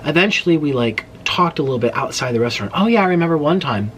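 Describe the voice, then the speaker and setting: A man in his late twenties chatting to camera as a mukbang host, telling a story in an animated, rambling way and breaking off mid-sentence. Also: a little high, quick pace, slight background noise. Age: late 20s. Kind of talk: casual storytelling chat to camera.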